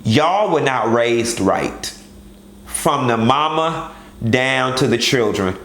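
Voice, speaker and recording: A man's voice: mid-range voice, animated, slow, fairly bright tone, echoey room. A man giving candid, blunt commentary on a reality show and speaking straight to its cast in a sassy manner.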